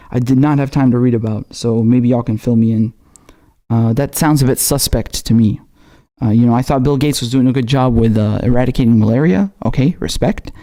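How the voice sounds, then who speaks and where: A man hosts a relaxed political livestream with a mellow, warm tone. He talks off the cuff to his viewers, repeating himself and dropping slangy asides. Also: mid-range voice. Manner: loose and chatty, with slangy asides and self-repetition. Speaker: political commentary livestream host. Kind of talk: casual livestream chat.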